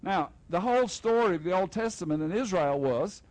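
A man's voice: high-pitched, lively intonation, fairly quick, a little mellow, no room sound, rough recording. Older man preaching with a joking manner. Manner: joking, conversational, acts out little dialogues. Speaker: pastor. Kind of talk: festival sermon. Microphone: headset mic.

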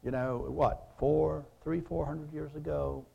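Mellow-voiced man preaching a sermon. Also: fairly high pitch, fairly even intonation, slow pace, gravelly, husky, lo-fi sound. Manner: conversational, asks the audience questions.

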